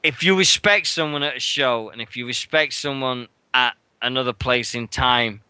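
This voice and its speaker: A British man hosting a wrestling radio show, telling a rambling, swear-filled anecdote and shouting out the quoted lines. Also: medium pitch, normal speed, clean tone, no room sound. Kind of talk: casual storytelling chat.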